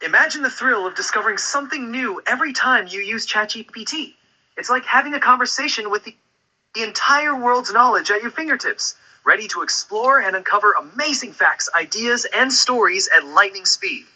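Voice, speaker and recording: An AI voice voicing an overexcited male narrator who gushes rapidly with very high energy. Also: lively intonation, sharp tone, exaggerated voice, low-quality recording. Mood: ecstatic.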